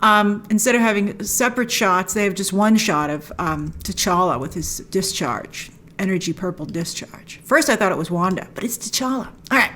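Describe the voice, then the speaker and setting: A woman's voice: mid-range voice, lively intonation, normal speed, hardly any pauses, fairly bright tone, a little hiss or hum. A woman hosting a film trailer review show, chatting through a breakdown with enthusiastic, playful asides. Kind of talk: casual trailer breakdown commentary.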